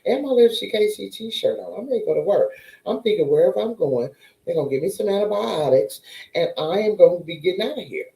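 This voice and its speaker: A woman's voice: medium pitch, lively intonation, quick pace, creaky, dark tone, roomy sound, rough recording. A woman chatting casually to her viewers, telling a story and acting out the voices of the people in it. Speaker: vlogger.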